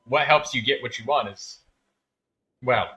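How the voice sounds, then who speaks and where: Slow-talking man streaming a game. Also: medium pitch, bright, forceful tone, a little hiss or hum. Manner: laughs often, teasing. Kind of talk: casual live-stream chat while gaming.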